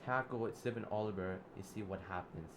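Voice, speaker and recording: A man narrating and acting in an improvised role-play, halting and repeating words. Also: fairly low pitch, slight background noise. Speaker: role-player.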